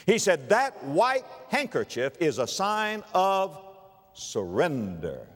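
A man preaching a sermon, swinging between raised, emphatic lines and hushed, low passages. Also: wildly swooping pitch, slow pace, long reverb tail. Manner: dramatic preaching with sudden drops to a hushed, low delivery. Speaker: pastor.

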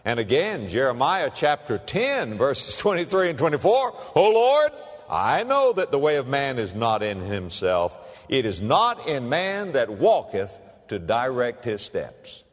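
A pastor delivering a sermon. He swings from hushed asides to emphatic lines and acts out the people in his stories. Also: medium pitch, sing-song, measured pace. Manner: plays out little scenes in the voices of the people in his stories. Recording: long reverb of a large hall.

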